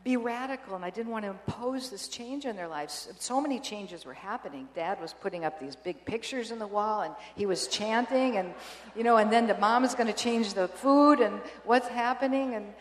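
An older woman telling a personal story to an audience, animated and emotional, with many restarts and bursts of laughter. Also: fairly high pitch, normal speed. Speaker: speaker giving a personal testimony. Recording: echoey hall with long reverb.

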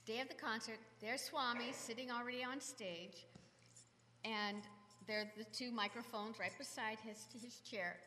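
A woman telling a lively story to an audience and acting out the scene. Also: a little high, normal speed. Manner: lively, acts out the scene, laughs. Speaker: devotional musician telling a story. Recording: long hall reverb with faint noise.

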